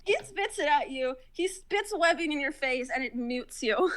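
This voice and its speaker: A woman narrating as game master in a casual tabletop session, laughing easily and pausing with fillers while she checks rules. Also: high-pitched, lively intonation, a bit bright, rough recording.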